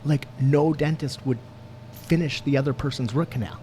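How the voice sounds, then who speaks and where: A man co-hosting a podcast, telling a story in casual chat, animated, swearing and laughing as he goes. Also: medium pitch, normal speed, slight background noise. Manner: animated, profane, laughs through his story. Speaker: podcast co-host.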